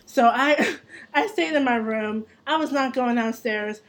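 Young adult woman host, slightly high voice, animated and profane casual storyteller. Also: measured pace. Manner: animated, profane, laughs through her story.

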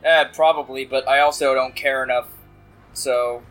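A man's voice: medium pitch, steady tone, moderate pace, fairly bright tone, faint music behind, low-quality recording. A man in a casual podcast chat over an online voice call, laid-back, laughing often and trailing off when he can't find words.

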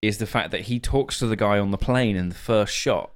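A man's voice: lowish voice, a little fast. A man co-hosting a podcast, sharing film trivia in playful casual chat. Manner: playful, lively storyteller. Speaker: podcast co-host.

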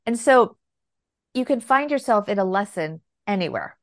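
A woman guest on a podcast, a financial planner telling parenting stories in a conversational, animated way and acting out the dialogue. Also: mid-range voice, normal speed. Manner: animated, acts out quoted dialogue. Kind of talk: conversational storytelling. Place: lives in New York City.

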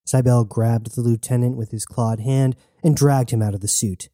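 A man narrates an action story for an audiobook in a steady, even storytelling manner. His voice is medium-pitched at a moderate pace, recorded in studio quality with no echo.

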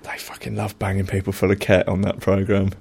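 Laughing man with a low voice. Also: completely flat delivery, brisk, vocal fry, a little mellow, slightly rough. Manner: laughs often, rambling anecdotes with many fillers. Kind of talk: casual chat.

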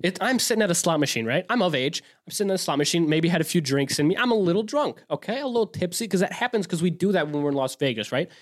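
Young Midwestern man from Wisconsin, host, on the higher side, excitable and profane, rambling storyteller. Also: racing, hardly any pauses. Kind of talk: casual storytelling monologue.

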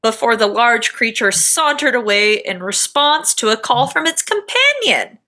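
A woman's voice: a little high, big pitch swings, a little slow, sharp tone. A woman co-hosting a podcast in casual comedic chat, reading out a story and joking with a lot of swearing. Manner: swearing, jokey, reads story notes. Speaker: podcast co-host.

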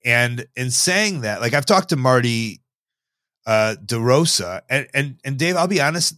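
A man's voice: mid-range voice, animated, unhurried, pushed and bright, dry recording. A man from Illinois talks as a podcast guest, rambling and reflective with a wry edge. His voice sits in a middle register. It is recorded close and dry, with no room sound. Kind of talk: casual podcast chat.

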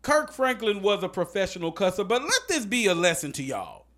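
A woman's voice: mid-range voice, huge pitch swings, a little fast, a bit bright. A woman co-hosting a casual comedy chat, laughing often and acting out quotes. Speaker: podcast co-host.

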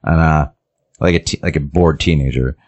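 A man with a very low, deep voice chats casually as a podcast co-host, walking through a story's plot. He rambles loosely, leaning on "like" as he goes, and slips briefly into the characters' lines as he tells it. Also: normal speed, muffled recording. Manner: animated storyteller, briefly acting out quoted lines; loose and rambling, many "he's like" and "like" fillers. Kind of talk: casual chat retelling a show's plot.

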